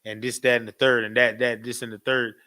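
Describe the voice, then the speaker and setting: Bright-voiced man preaching to a class. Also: medium pitch, a little fast. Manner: animated, repetitive, frequent asides to the audience; laughs often while talking. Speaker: class teacher.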